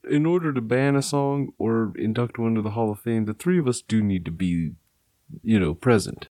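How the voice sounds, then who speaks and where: A laid-back young man hosting a podcast, talking casually with plenty of swearing and laughter. His voice sits low, and the sound is close and dry. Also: moderate pace, dark tone, no room sound. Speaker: podcast host.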